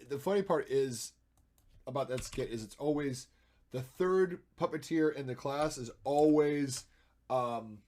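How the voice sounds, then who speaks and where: A man streaming while he edits photos, chatting and thinking aloud, with playful sound effects and jumps between loud and quiet. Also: medium pitch. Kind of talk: casual live-stream commentary.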